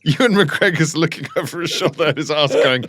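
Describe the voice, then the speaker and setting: A man co-hosting a podcast in casual comedic chat. He adds quick, dry jokes to the conversation. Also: on the high side, a bit bright, no echo. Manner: dry, quick comic riffs. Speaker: podcast co-host.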